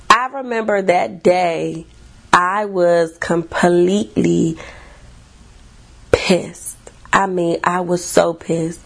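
A woman therapist and podcast host telling a personal story in a blunt, profane, animated way. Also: medium pitch, creaky. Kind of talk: storytelling monologue.

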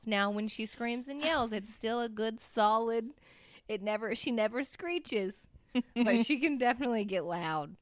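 A woman co-hosting a podcast in casual chat, animated and quick to laugh. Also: on the high side, dry recording. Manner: animated, laughs often, gets loud when joking. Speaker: podcast co-host.

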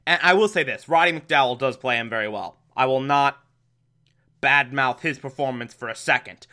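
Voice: medium pitch, normal speed, pushed and bright. A reviewer recapping an old TV episode in casual, sarcastic, exasperated commentary. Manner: sarcastic, exasperated, bursts into laughter.

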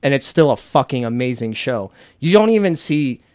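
Excitable, profane podcast co-host man. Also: medium pitch, moderate pace. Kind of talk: casual chat.

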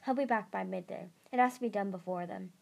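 Woman doing a harsh female dragon, curt, threatening, gravelly, audiobook. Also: medium pitch, fast, a little mellow, lightly acted. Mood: cold. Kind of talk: amateur audiobook reading.

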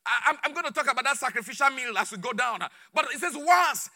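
Fervent high-voiced male preacher. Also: quick pace. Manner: fervent, repeats phrases, swings between shouting and low murmurs. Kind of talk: sermon.

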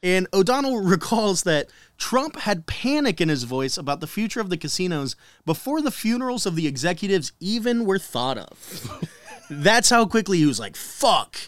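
Brief: a man co-hosting a podcast, slightly high-voiced, wry and giggly, dry close sound. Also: very animated, normal speed, dry recording. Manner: laughing, reads quotes with wry asides. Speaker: podcast co-host. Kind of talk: casual storytelling chat.

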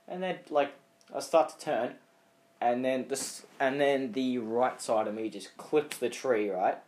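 A man's voice: mid-range voice, unhurried. A young Australian man co-hosting a podcast, telling rambling stories in casual chat and acting out other people's voices. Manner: rambling storyteller, acts out voices. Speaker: podcast co-host.

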